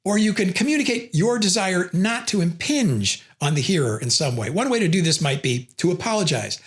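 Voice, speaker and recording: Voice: medium pitch, sing-song, fairly quick, few pauses. A presenter explaining communication theory, who acts out sample refusals between the explanations. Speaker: educational video presenter.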